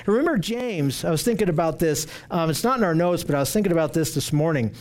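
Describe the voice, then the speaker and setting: Earnest male Bible teacher with a high voice, slow deliberate scripture reading. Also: expressive, a little mellow. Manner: earnest, emphatic, repeats phrases for stress.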